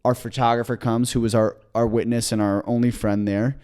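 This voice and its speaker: A man co-hosting a podcast, telling a long story in an excited, rambling way, with many restarts. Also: medium pitch, fairly quick, clean tone. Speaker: podcast co-host. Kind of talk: casual storytelling chat.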